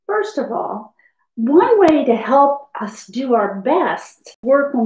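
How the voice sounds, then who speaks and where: Woman teacher for a kids' lesson video: high, lively, slow and encouraging, in an echoey room. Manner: sing-song, encouraging, speaks slowly to young children.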